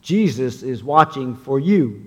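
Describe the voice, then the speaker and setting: A man voicing a sly parrot that squawks, with a deadpan delivery and a long reverb in a sanctuary. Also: on the high side, slow pace, highs cut off. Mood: eerie.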